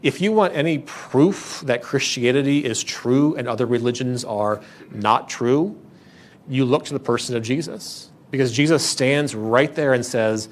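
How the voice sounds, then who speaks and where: A man's voice: medium pitch, a little slow. A man pastor preaching a sermon in a church, earnest and emphatic, often restarting his phrases.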